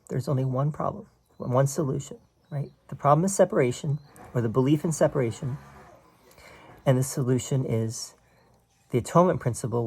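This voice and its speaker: A man's voice: mid-range voice, gravelly, dark tone, slightly rough. A man teaching a spiritual text in a casual, conversational way, explaining passages and often checking in with "right?". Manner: explains quoted text line by line.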